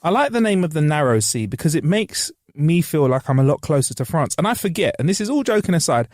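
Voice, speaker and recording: A man co-hosting a casual podcast, jokey and animated, quick to laugh. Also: fairly high pitch, dry recording, studio quality. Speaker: podcast co-host.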